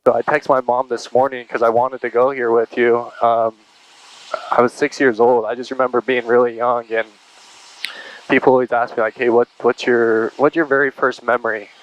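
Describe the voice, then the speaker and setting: A man hosts a casual podcast conversation and often answers with short words of agreement. His delivery stays flat and even, with little movement in pitch. His voice sits at an ordinary pitch for a man. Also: normal speed, muffled recording. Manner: even-toned, brief affirming replies. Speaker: podcast host. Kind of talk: casual interview chat.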